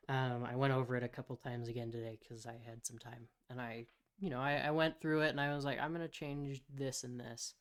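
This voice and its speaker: A man's voice: medium pitch, clear, resonant tone. Hesitant male podcast co-host. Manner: hesitant, repeats his words. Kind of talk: casual podcast chat.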